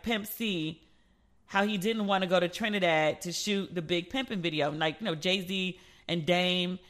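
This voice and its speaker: Bright-voiced woman gossiping on a podcast. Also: mid-range voice. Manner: chatty, playful, acts out quotes in voices. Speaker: podcast host. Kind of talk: casual pop-culture commentary.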